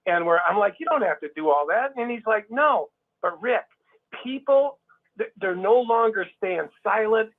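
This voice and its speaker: The guest, a man with a high-pitched voice and lively intonation, keeps a moderate pace in this casual conversation. He's emphatic and heated, with many restarts, and the recording sounds like a tinny phone line.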